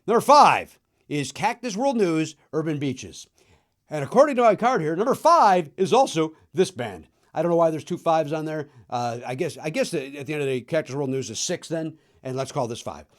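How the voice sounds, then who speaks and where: Middle-aged comic host, lively up-and-down voice, slightly high, rambling self-mocking riffs. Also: male voice. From Chicago area. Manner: self-mocking, riffing, throws in quick silly voices. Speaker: podcast host. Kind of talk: comedic monologue about records.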